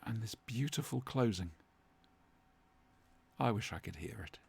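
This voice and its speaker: A man's voice: on the low side, animated, a little slow, creaky, a little mellow, slightly rough. A man with a chatty, wry manner, co-hosting a casual watch-along commentary from home. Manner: chatty, wry, fond asides. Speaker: podcast co-host watching along. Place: home room, dry sound.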